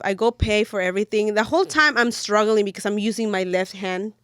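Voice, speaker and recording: A woman's voice: mid-range voice, a little fast, clear, resonant tone, no echo, studio quality. A young woman, casually telling a story on a podcast and switching between English and mid-sentence. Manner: mixes English and Spanish mid-sentence, animated retelling. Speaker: podcast co-host.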